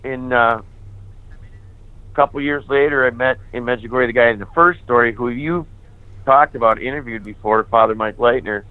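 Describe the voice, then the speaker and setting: A male priest telling his personal testimony, candid and animated, acting out the dialogue he remembers. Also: mid-range voice, normal speed, dry recording. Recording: tinny phone-like sound.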